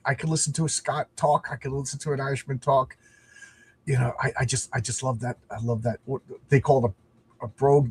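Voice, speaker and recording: Male livestream host, husky, rambling and self-deprecating, casual chat. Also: fairly high pitch. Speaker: comic book creator and livestream host.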